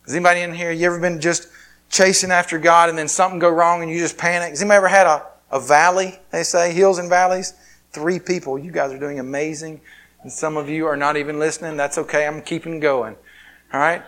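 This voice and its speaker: A man's voice: fairly high pitch, fairly even intonation, fast talker, fairly bright tone. A man preaching a sermon, telling a personal story in a conversational, self-deprecating way. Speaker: pastor.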